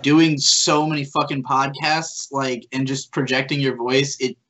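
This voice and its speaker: A man from the American South, guesting on a podcast in casual banter. He talks frankly and relaxed, at a middle pitch, with easy swearing. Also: measured pace, slight background noise, low-quality recording. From Southern United States.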